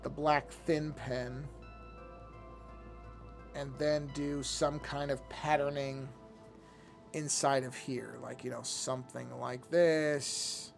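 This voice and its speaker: A man's voice: mid-range voice, flat delivery, slow pace, vocal fry, long pauses, faint music behind. A man streaming his drawing session, thinking aloud in a casual, hesitant way, often trailing off and restarting his sentences. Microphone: desk microphone.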